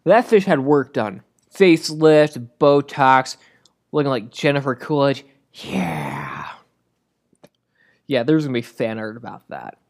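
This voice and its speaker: A movie reviewer delivering a comedic rant in a sarcastic, crude and exasperated way. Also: medium pitch.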